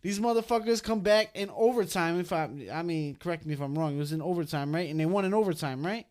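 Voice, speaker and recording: High-voiced, excitable male podcast host. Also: fast. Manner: excitable, profane storyteller, heavy filler phrases. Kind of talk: casual interview chat.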